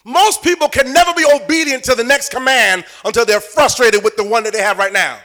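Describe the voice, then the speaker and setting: A man preaching a sermon, repeating phrases and building to shouted points. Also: extremely high pitch, brisk. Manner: animated, repetitive, building to shouts.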